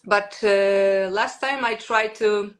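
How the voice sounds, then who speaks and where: A young adult woman from Poland, a stand-up comedian, speaking English with a Polish accent in a halting, laughing, casual interview manner. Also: medium pitch, steady tone. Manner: halting non-native English, laughs often.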